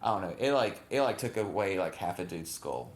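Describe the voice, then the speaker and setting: A man's voice: sits low, animated, fairly quick. A man co-hosting a casual reaction chat, rambling with lots of fillers and self-corrections. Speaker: channel co-host. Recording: echoey room.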